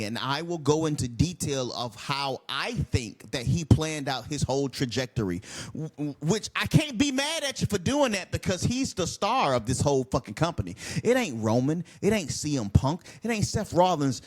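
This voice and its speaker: Vlogger, male, heated profane rant, high voice that swings widely. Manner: heated, profane, rambling and repetitive. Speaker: wrestling commentary vlogger. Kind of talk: casual ranting video commentary.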